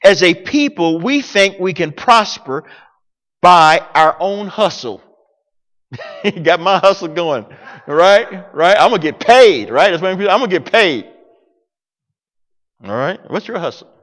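Pastor, man, from the US; high, animated preaching voice, long hall echo. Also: takes it slowly, pauses often. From United States. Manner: preachy, animated, swings between loud declarations and soft asides. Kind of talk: sermon.

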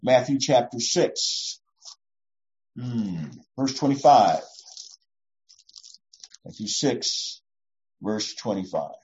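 A woman pastor delivers a conversational, reassuring sermon and slips into short voices to make her points. Her pitch rises and falls with lively range. The recording sounds dull and lo-fi. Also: extremely slow, pauses often. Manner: warm, reassuring, often acts out voices.

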